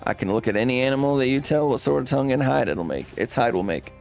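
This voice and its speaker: A man's voice: mid-range voice, animated, quick pace, creaky, a little mellow, voice pushed up. A man voicing an odd, scheming male leather hunter with a British accent, drawling folksy lines and calling people mate over faint game music. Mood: gushing.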